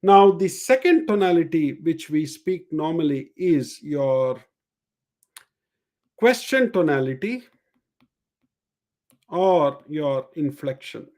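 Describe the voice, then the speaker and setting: A man with a somewhat high-pitched voice runs a live-streamed coaching session. He explains step by step, repeats his main points and demonstrates each way of speaking. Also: animated, takes it slowly, pauses often, darkish tone. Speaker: sales and communication coach.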